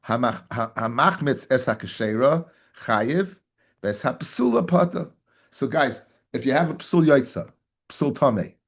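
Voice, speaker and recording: A male rabbi leads a daily Talmud class in a husky voice at a middle pitch. He keeps quizzing his listeners with rhetorical questions and repeats phrases for emphasis. He calls them "guys" and mixes Hebrew and Yiddish terms into his English.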